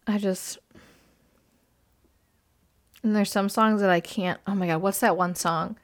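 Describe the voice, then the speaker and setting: A young woman co-hosting a casual podcast, telling animated stories with quick asides. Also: medium pitch. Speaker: podcast co-host. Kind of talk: casual chat.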